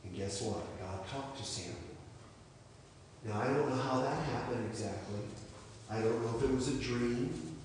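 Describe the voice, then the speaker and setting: A man giving a children's sermon as pastor, telling a story in an animated way and asking questions. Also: medium pitch, normal speed, slight background noise. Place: church sanctuary. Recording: echoey church hall, mic far off.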